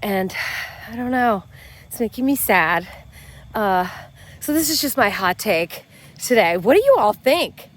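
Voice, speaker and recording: A woman's voice: mid-range voice, big pitch swings, a little slow, pauses often. A middle-aged American woman giving a blunt, exasperated opinion vlog, swearing freely as she walks outdoors. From United States. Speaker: vlogger.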